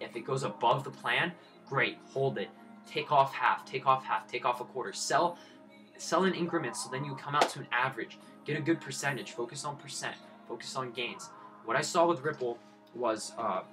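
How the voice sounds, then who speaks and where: On a live stream, a medium-pitched man in his twenties swears freely and speaks bluntly about his crypto trades, lecturing the people watching.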